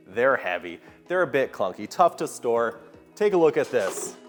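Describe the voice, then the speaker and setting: An upbeat man giving a walkthrough tour of a large kitchen, enthusiastically pointing out its features. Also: medium pitch. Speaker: home tour guide. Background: soft background music.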